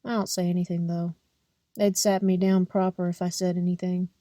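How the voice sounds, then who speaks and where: A young woman reading a novel aloud in a steady, plain first-person narration. Her voice is mellow and soft-edged. The recording is close and dry, with no room sound. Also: fairly low pitch, normal speed, no echo. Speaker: audiobook reader. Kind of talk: audiobook narration.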